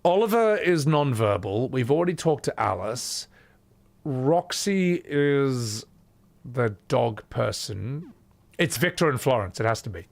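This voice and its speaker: A man's voice: mid-range voice, very animated, a little slow, vocal fry. A man chatting casually on a live stream, loose and swearing freely.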